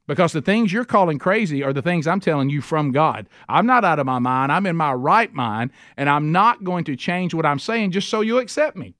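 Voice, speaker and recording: A man's voice: fairly high pitch, expressive, moderate pace, hardly any pauses, a bit bright, no echo, clean studio sound. A man teaching a men's Bible study, emphatic and conversational, often restarting his sentences.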